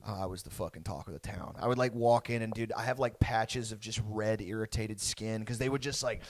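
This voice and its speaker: A man's voice: on the low side, brisk, dry recording. A young man hosting a podcast, telling a childhood story in a rambling, profane, laughing way. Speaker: podcast co-host. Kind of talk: casual storytelling.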